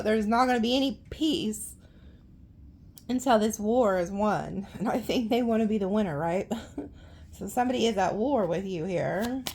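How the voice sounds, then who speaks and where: A woman's voice: mid-range voice, a little mellow. A woman giving a casual tarot reading in a chatty, dramatic way, with blunt slang and frequent laughter. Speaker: tarot reader.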